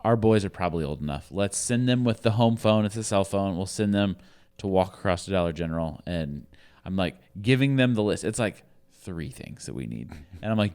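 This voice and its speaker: A man's voice: sits low, expressive, fairly quick, a little mellow, smooth. A man hosting a casual ministry podcast, telling a family story with lots of fillers and restarts. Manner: rambling storyteller with many fillers. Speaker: podcast host. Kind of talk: casual chat.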